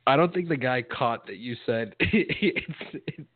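A man's voice: medium pitch, expressive, measured pace, background noise. A man co-hosting a podcast in casual chat, trading crude jokes. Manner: joking, crude banter. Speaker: podcast co-host. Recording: tinny phone-like sound.

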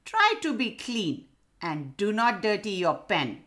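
A patient owl teacher gives her class gentle, clear instructions in a lively, animated voice, as a woman storyteller puts her on. She speaks slowly, as in a children's storybook. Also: mid-range voice. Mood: instructive. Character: kind, patient owl schoolteacher.

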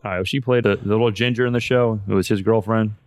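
A man's voice: on the low side, steady tone, quick pace, no echo, studio quality. A man hosting a podcast in casual chat, loose and profane, saying "man" all the time. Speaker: podcast host.

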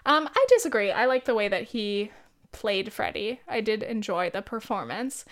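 A woman's voice: mid-range voice, animated, normal speed, fairly bright tone. A woman in her twenties hosting a podcast, chatting candidly and rambling with lots of likes and ums. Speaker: podcast host. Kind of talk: casual solo chat.

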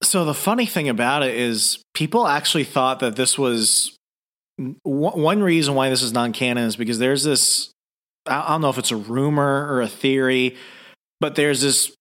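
Halting, casual podcast host. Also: male voice, mid-range voice, fairly bright tone. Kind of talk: casual comic book review.

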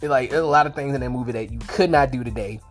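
A woman with a very low voice and a sore throat reviews a film in a loose, rambling way. She swears casually and trips over her own sentences. Faint music hums behind her. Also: rapid-fire. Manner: rambling, swears freely, frequent restarts and laughs. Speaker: movie reviewer.

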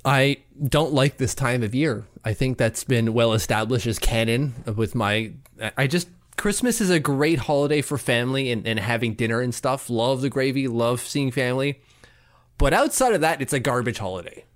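A man co-hosting a podcast, chatting casually and acting out stories with lively voices. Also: mid-range voice, normal speed. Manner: animated storyteller, acts out voices. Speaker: podcast co-host. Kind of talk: casual chat. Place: lives in Canada.

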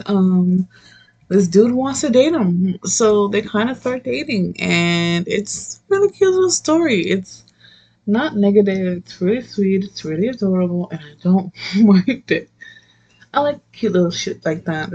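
A woman's voice: mid-range voice, animated, unhurried, a little mellow, breathy edge. A young woman chatting casually about manga she read, rambling, swearing and laughing often. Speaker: manga reviewer. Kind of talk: casual chat.

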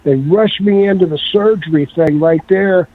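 A man telling a long story in a casual, animated way and acting out the voices of the people in it. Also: sits high, normal speed, no room sound. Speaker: guest. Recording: tinny phone-like line.

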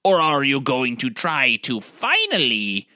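A man playing an eccentric old hermit wizard, jumpy and strange, with a high, excitable voice pushed far above his own. The tone is bright and forceful, and the sound is dry and close. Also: a little slow, no echo, full character voice. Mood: wary, probing.

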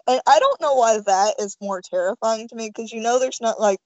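A woman's voice: on the high side, a little fast, darkish tone, no room sound, muffled recording. Chatty woman podcaster, dry close sound. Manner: chatty, rambling, full of "like" and "you know". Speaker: podcast co-host. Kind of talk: casual film-discussion podcast chat.

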